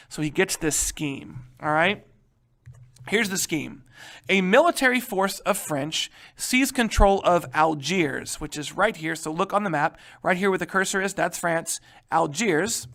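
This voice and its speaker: A male history teacher giving a casual video lecture, chatty and animated, with slangy asides. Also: high voice.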